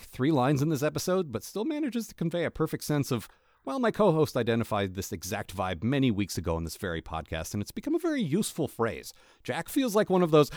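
A man's voice: mid-range voice, no echo, clean studio sound. A man co-hosting a podcast, chatting casually and then reading a joking, sarcastic recap of an episode. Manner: wry, joking, sarcastic asides. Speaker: podcast co-host.

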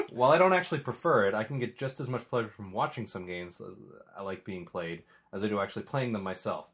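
A man's voice: lowish voice, a little fast, fairly bright tone, slightly rough. A man hosting a casual podcast, reading listener questions in a rambling way with frequent restarts. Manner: rambling, restarts often, chuckles between remarks. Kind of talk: casual chat.

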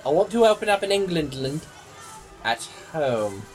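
A woman playing a pompous, oblivious wealthy young gentleman in a comedy radio sketch. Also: deep voice, sing-song, normal speed, soft background music. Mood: smug. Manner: posh, theatrical, giddy.

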